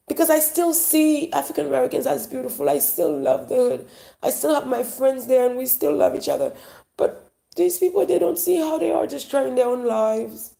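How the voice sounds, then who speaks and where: A woman with a Haitian accent delivering a rambling, emotional monologue. She sighs often and swings between loud talk and whispers. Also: high voice, vocal fry. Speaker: vlogger.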